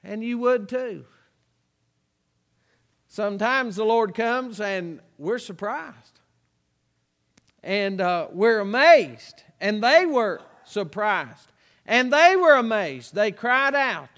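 A preacher with a very high voice, speaking at an unhurried, deliberate pace. He draws out each verse and drops in homespun asides, and his words ring with a long reverb in a church sanctuary. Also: expressive, fairly bright tone. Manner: slow drawn-out scripture reading, folksy asides. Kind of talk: sermon.

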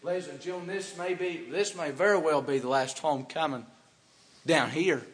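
A man's voice: a little high, normal speed, slightly rough. Fervent man preaching in a big reverberant church. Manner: fervent preaching, swinging from hushed to loud and emphatic. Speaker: pastor. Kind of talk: sermon. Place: church sanctuary.

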